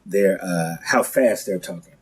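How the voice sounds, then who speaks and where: Husky-voiced man, lively storyteller. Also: low-pitched, poor audio. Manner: animated storyteller, quick restarts, acts out quotes. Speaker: guest comedian. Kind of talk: casual podcast conversation.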